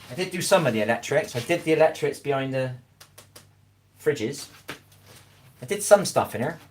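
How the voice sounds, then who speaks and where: His mid-range voice has lively intonation and a darkish tone, delivered at normal speed with slight background noise. The Scottish man is on a casual live stream from his kitchen, rambling and often checking in with "do you know what I mean."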